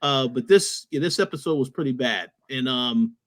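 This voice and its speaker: A man co-hosting a podcast, calm and measured, with frequent hesitations. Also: medium pitch. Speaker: podcast co-host. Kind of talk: casual podcast discussion.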